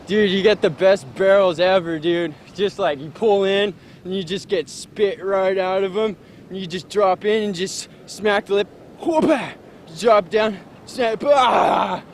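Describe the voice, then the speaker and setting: A man talking excitedly as a surfer in a news interview, loud and full of surfer slang. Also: sits high, a little slow, a little hiss or hum.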